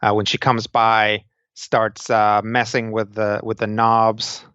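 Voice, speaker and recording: A low-voiced man narrating a tabletop game as game master. He talks slowly and meanders through scene descriptions. The recording is dry and a little dull. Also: completely flat delivery, bright, forceful tone, clean tone, no echo.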